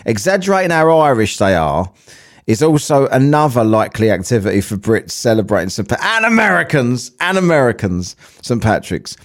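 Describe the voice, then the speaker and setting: A man's voice: mid-range voice, very animated, brisk. A man hosting a podcast, reading out a news article and chatting casually with plenty of swearing and banter. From England. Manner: sweary, banter-filled, laughs at his own jokes. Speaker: podcast host.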